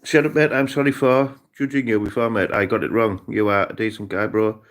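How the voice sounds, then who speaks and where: A man's voice: fairly low pitch, steady tone, brisk. Rambling Cumbrian man on a livestream. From Cumbria, England. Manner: rambling, chatty, peppered with "mate". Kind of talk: casual live-stream chat.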